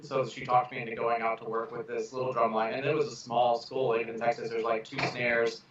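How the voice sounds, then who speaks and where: A man's voice: mid-range voice, brisk. A man who teaches percussion, telling stories casually on a podcast, with many "like" fillers. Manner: flat, storytelling, heavy use of "like". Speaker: percussion instructor. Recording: echoey distant dull sound with crowd noise.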